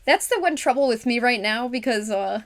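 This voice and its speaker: Woman, slightly high voice, casual livestream host, chatty, laughs often, narrates what she is doing. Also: lively intonation, normal speed. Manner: chatty, laughs often, talks herself through each step; speaks to viewers in chat. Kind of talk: casual livestream chat while crafting.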